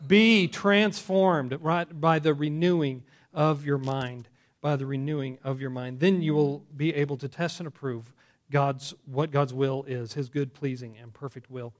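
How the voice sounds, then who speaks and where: A man's voice: mid-range voice, steady tone, moderate pace. A man preaching a conversational sermon, often correcting himself and putting questions to the congregation. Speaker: pastor.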